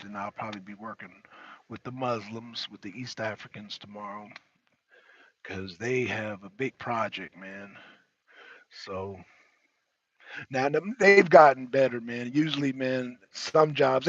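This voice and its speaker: A man chatting loosely as a talk show panelist, animated and profane, often laughing and repeating words. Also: mid-range voice, dry recording, lo-fi sound. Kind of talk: casual chat.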